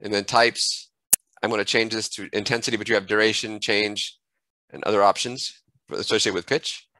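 A man with a fairly low but bright, forward voice talks through a software tutorial at his computer. He thinks aloud, restarts phrases and corrects himself as he clicks along. The sound is dry and close, with no room echo. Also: flat delivery, moderate pace. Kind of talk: screen-recorded software tutorial.

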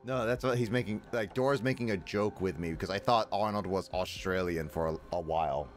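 A male streamer talks to his chat in a loose, rambling way, stopping and restarting his sentences. His voice sits on the low side, and faint music plays behind him. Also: fairly quick. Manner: rambling, many fillers and restarts. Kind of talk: casual chat with viewers.

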